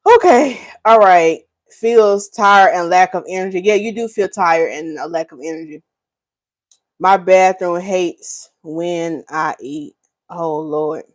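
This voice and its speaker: A woman's voice: lowish voice, slow. A woman from North Carolina, hosting a casual livestream, reading viewers' comments aloud and teasing them with lots of laughter. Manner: laughs often, teasing, animated, Southern Black vernacular. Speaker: hair care livestream host.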